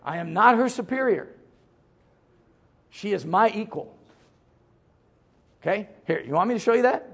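A middle-aged preacher man with a high, gravelly voice and a husky edge. He preaches in a folksy, joking way, swinging between loud emphasis and quiet asides. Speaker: pastor. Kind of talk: sermon.

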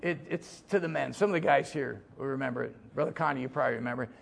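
A middle-aged man preaching a sermon as pastor, folksy and joking, swinging from loud emphasis to low asides. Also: fast talker, gravelly.

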